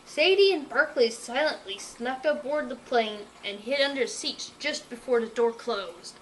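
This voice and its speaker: A woman reading a children's story aloud with an expressive, animated delivery. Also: fairly high pitch, normal speed, a little hiss or hum, poor audio.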